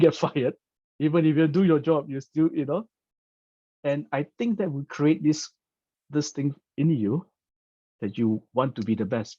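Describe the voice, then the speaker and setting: A man with a husky, slightly breathy voice tells a story in a chatty, informal way, tripping over and repeating his words as he goes. The recording is dull and dry, with no room sound. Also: mid-range voice, mellow, dry recording. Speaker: business presenter. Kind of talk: storytelling talk.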